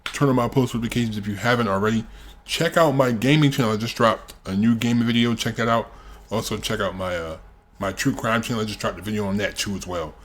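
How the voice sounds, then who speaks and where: A man's voice: lowish voice, quick pace, a little hiss or hum. A young American man hosting a reaction video, rambling casually with lots of fillers. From United States. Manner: rambling, heavy on fillers, laughs often.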